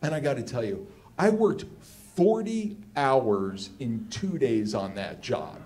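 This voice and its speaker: A man from Los Angeles telling a comedic story live on stage, animated and excitable, peppering his talk with "like". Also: mid-range voice, takes it slowly. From Los Angeles, United States. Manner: animated, excitable, heavy use of "like".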